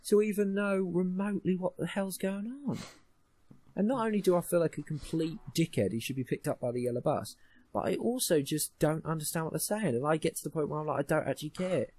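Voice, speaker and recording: A man's voice: fairly high pitch, a little fast, darkish tone. A young man co-hosting a podcast, ranting and mocking in casual chat, swearing often. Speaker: podcast co-host.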